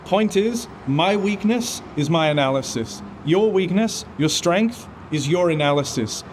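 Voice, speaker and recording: A man's voice: fairly high pitch, lively intonation, measured pace, a little hiss or hum. A man firmly giving a colleague earnest advice.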